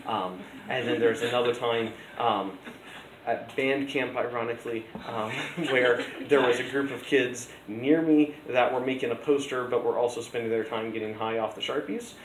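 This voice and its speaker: A man's voice: medium pitch, steady tone, normal speed. A male teacher talking casually to his class, rambling with many ums and restarts. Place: school classroom. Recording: echoey classroom with loud background noise.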